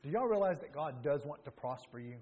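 A male pastor preaches with an earnest, emphatic delivery. His voice sits a little high for a man. He builds into forceful bursts on his key points. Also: lively intonation, a little fast. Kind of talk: sermon.

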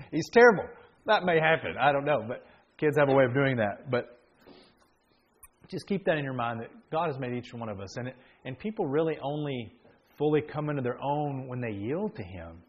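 A man in his thirties preaching as a pastor, telling a family story in a relaxed way and then building into emphatic preaching, often restarting his sentences. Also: mid-range voice, muffled recording. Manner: frequent restarts and fillers. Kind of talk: sermon.

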